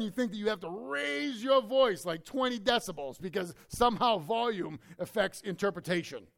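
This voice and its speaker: A high-pitched man preaching a verse-by-verse sermon. He preaches with lively emphasis and jokes, then drops to low, quiet asides. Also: brisk, gravelly, few pauses. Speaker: pastor. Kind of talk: expository sermon.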